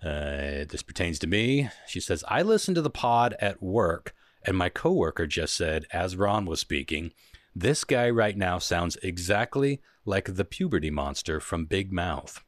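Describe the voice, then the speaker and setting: A man with a very low voice, hosting a casual podcast chat, reading listener letters and laughing often. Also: very animated, a little slow, no echo, studio quality. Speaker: podcast host.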